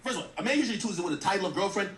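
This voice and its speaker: Blunt, animated man ranting in echoey room. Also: high-pitched, rapid-fire, recorded from a distance, a little hiss or hum. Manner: blunt, profane, mocking. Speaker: streamer commentator. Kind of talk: ranting commentary.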